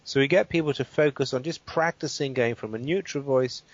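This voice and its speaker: A man who is a guest expert, calmly walking through a guided exercise and checking in with the listener as he explains. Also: medium pitch, dry recording. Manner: measured and explanatory, checks in with "right?". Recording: dull, dry interview audio.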